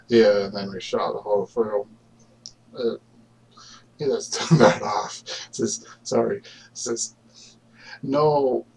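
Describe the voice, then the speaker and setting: A man's voice: medium pitch, distant mic, rough recording. A man delivering a rambling, argumentative casual monologue to the camera, full of fillers and restarts. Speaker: vlogger.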